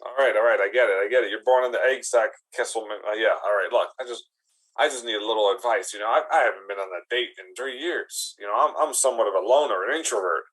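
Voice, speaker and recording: A man's voice: fairly low pitch, fairly bright tone, poor audio. A man playing a nervous lonely goblin. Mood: anxious. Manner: anxious, rushed and pleading.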